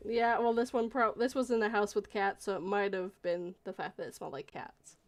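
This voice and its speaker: A woman's voice: mid-range voice, fairly even intonation, a little fast. A woman hosting a casual livestream chat, talking freely and laughing often. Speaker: stream host.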